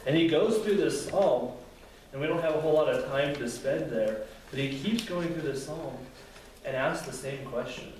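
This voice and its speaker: A young man gives a relaxed Bible lesson, chatting with his listeners and voicing quotes with feeling. He is recorded from across a large room, and his voice rings out with heavy echo. Faint room ambience sits behind him. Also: mid-range voice, normal speed, a little hiss or hum. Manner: conversational, acts out quotes with feeling. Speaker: youth Bible teacher. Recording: very echoey room, distant mic, faint ambience.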